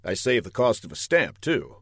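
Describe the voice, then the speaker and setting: A man's voice: medium pitch, big pitch swings, moderate pace, fairly bright tone, no echo, clean studio sound. A man voicing a boastful, dim-witted male spy courier who quips smugly and triumphantly.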